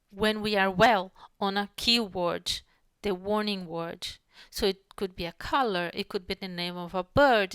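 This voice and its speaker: A woman psychologist giving an online lecture, calm and measured, who slows down to softly guide breathing exercises. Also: mid-range voice, smooth, no room sound.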